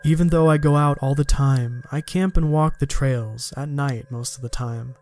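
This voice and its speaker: A man telling a first-person horror story in a steady, measured reading. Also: medium pitch. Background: music.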